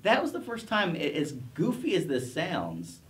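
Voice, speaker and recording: A man's voice: a little high, huge pitch swings, moderate pace, fairly bright tone, distant mic. A middle-aged man, a professor, telling his career story in a casual interview, rambling with restarts and self-deprecating chuckles. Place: college TV studio.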